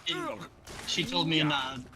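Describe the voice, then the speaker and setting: A man joining as a guest on a gaming podcast, asking relaxed, curious questions in casual chat. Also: on the high side, moderate pace, background noise.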